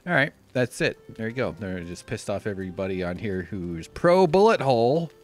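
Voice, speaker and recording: A man from the United States rambles through a casual live stream in a low voice. His jokes are sarcastic and deadpan. Faint music plays behind him. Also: normal speed. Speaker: livestream host.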